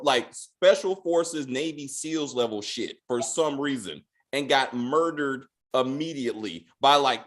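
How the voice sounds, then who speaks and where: A podcast host tears into a TV episode in a loose, profane rant. The voice sits at a middle pitch but swings widely and lively, and the host keeps slipping into quick acted-out lines from the characters. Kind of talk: casual spoiler rant.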